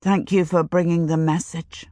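A woman's voice: fairly low pitch, measured pace, no echo, studio quality, lightly acted. A woman reading the part of a fierce, proud middle-aged farm woman who speaks sharply and demandingly. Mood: fierce, earnest.

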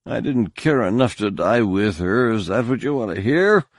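A man's voice: mid-range voice, wildly swooping pitch, measured pace, vocal fry, darkish tone, no echo, voice pushed up, heavily acted. A desperate wounded ex-warrior gasps and begs in a strained, lifted voice, as a male reader takes him on. Every word comes out breathless and pained. The sound is dry and close. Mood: pained pleading. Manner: gasping, strained, breathless pleading.

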